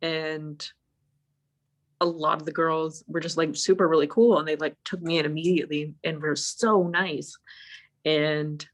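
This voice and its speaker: A deep-voiced young woman, speaking at a measured pace, recounts a story during casual chat on an online voice call where she's the guest. Animated and frequently profane, she performs her own past lines.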